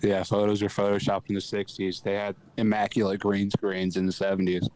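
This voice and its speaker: A man's voice: lowish voice, monotone, a little fast, a little mellow, a little hiss or hum, low-quality recording. A man co-hosting a casual live-stream chat, dropping dry, sarcastic asides. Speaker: co-host.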